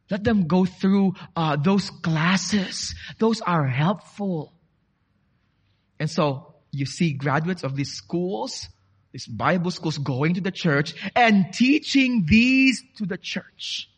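Animated man preaching a sermon. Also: fairly high pitch, slightly rough. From Philippines. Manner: lively, animated preaching with quizzing questions to the congregation.

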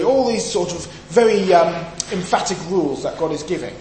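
Brit guy preaching sunday morning, kinda high voice, pushes his points hard, roomy hall w/ faint hum. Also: animated, brisk, hardly any pauses, a little mellow. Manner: emphatic, asks the audience questions. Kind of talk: sermon.

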